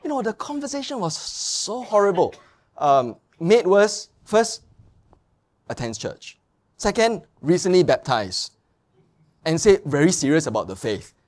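A middle-aged male pastor preaching a sermon and telling anecdotes, mimicking people in high sing-song voices. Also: sing-song, measured pace, a little mellow.

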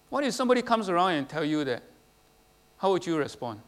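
A man's voice: medium pitch, expressive, brisk. A man preaching a sermon, putting questions to the congregation and tagging his points with "right?". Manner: asks the congregation questions, tags lines with "right?". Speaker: pastor.

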